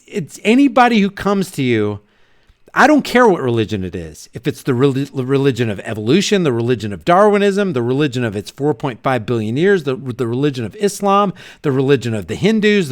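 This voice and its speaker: A man hosting his channel, ranting in a casual livestream, rambling and animated with frequent restarts. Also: fairly high pitch, normal speed. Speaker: channel host.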